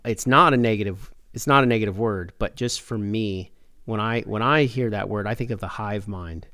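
A man hosts a podcast in an easy, talky manner, thinking out loud and circling back on his words. His voice is low and smooth. The sound is dry and close. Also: normal speed, no echo. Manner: thoughtful, rambling with restarts. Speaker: podcast host. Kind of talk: casual podcast conversation.

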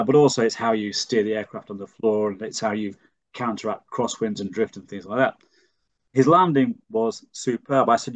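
A man's voice: fairly low pitch, muffled recording. A middle-aged man from Leeds, telling stories in an interview as a pilot and flight instructor. He brings his anecdotes to life and acts out the dialogue in them. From Leeds, England. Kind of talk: storytelling in a conversational interview.

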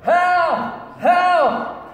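A man voicing a panicked man dangling from a cliff who shouts for help. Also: very high-pitched, very slow, pitched above the performer's own voice, full character voice. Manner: shouting desperately. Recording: echoey hall from far off.

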